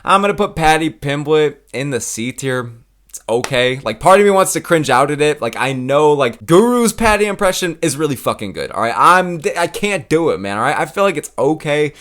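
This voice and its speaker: A young man chatting casually on his own channel, swearing freely and laughing often. His pitch swings around in a lively way. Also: normal speed. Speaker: YouTube host. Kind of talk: casual profane chat.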